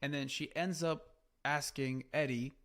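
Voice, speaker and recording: In a relaxed review chat, a man co-hosts a podcast and recaps a show with rambling talk and many fillers. His medium-pitched voice is a bit bright, with fairly even intonation and a measured pace.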